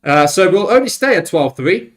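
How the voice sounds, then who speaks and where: A man hosting a live rugby watchalong, talking loosely with many fillers and getting excited on big plays. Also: high-pitched, normal speed. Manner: rambling with fillers and restarts. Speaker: livestream host. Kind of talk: live match watchalong commentary.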